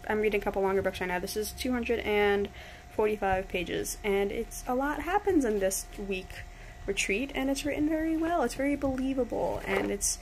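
Woman, twenties, from New York, casual book vlog, gushing, rambling, mid-pitched. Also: normal speed, a little hiss or hum, poor audio. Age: 20s. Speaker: book reviewer.

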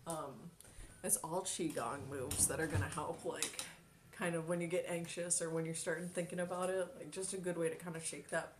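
A woman's voice: sits low, fairly even intonation, normal speed, noisy background. A woman streamer in casual chat, talking loosely with many ums and likes and laughing often. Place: home kitchen.

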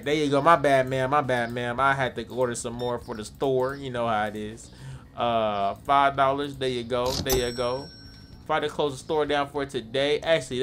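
A man's voice: mid-range voice, a bit bright. A young man, giving playful, hyped gameplay commentary and joking with the customers in the game. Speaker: gaming YouTuber.

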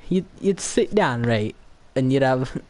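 Crude, mocking streamer. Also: male voice, medium pitch, expressive, measured pace, darkish tone. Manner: crude, mocking rant with stammering restarts. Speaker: gaming streamer. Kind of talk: casual stream banter.

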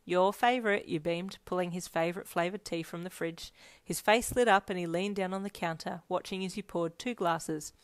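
A woman narrates a second-person fan story in an expressive reading voice. Her tone sits a bit low, and the recording is close and dry with no room echo. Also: moderate pace. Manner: expressive, voicing every character. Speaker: fan fiction reader. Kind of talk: narrated reader-insert story.

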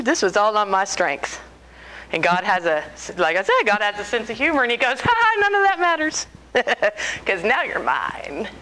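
Bright, lively woman telling stories. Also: medium pitch, slight background noise, poor audio. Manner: animated, joking, laughs often. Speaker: speaker. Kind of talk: storytelling talk to an audience.

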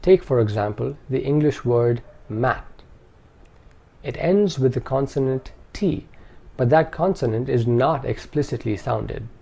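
A man calmly narrating a pronunciation lesson with measured, precise enunciation. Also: mid-range voice, creaky. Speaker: language teacher. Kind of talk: instructional narration.

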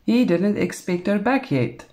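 A woman with a South African English accent, calmly reading a novel aloud, unhurried, with small slips. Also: medium pitch. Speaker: storybook reader.

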